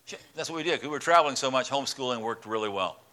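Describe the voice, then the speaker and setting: A man's voice: medium pitch, animated, racing, bright, forceful tone. A man preaching a sermon as a pastor, telling a story and acting out its voices.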